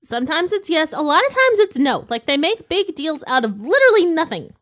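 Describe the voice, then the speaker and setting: Lady co-host, high voice that bounces around a lot, wry and skeptical. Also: big pitch swings, fairly quick, a bit bright. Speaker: podcast co-host. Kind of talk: casual chat.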